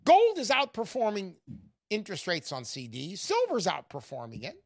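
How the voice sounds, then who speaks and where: A woman pitching with lively, swooping intonation, scornful and emphatic. Her voice sounds close and dry, with no room around it. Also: moderate pace, dry recording. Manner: animated, mocking, emphatic. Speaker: gold investment promoter. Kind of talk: persuasive sales pitch.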